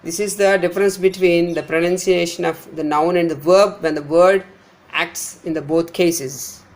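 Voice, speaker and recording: A middle-aged man with an Indian English accent teaching a pronunciation lesson, repeating words slowly with exaggerated stress. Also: a little high, steady tone. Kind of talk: slide-based pronunciation lesson.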